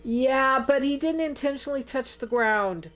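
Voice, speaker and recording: Brief: narrator doing a whining grown man, pitched up, audiobook. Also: moderate pace, a bit bright, soft background music. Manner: whining, stammering protest. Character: whiny sulky man.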